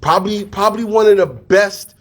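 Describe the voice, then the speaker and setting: A man giving a casual motivational talk, energetic and full of street slang, repeating his phrases. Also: high voice, a little fast. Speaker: fitness studio staff and podcast host.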